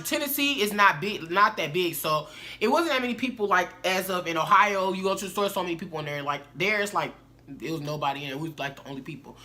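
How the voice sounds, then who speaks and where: A young woman telling a story to her viewers in a casual, animated, slangy way. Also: mid-range voice. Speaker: vlogger.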